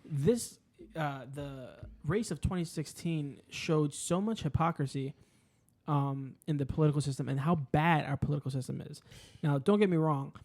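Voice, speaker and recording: A man co-hosting a casual podcast, telling stories in a joking, profane, animated way. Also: fairly high pitch, normal speed. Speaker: podcast co-host.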